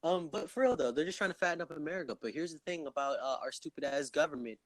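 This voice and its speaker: A man hosting a podcast in loud, rambling, stuttery casual chat, swearing often. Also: fairly high pitch, animated, fast talker, no echo. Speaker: podcast host.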